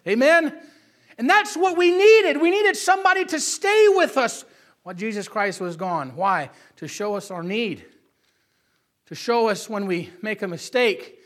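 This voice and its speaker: Guy preaching really high and bright, punchy, goes loud then quiet, keeps asking amen. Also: animated, unhurried. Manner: emphatic, swings between shouting and hushed asides, keeps asking "Amen?". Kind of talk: sermon.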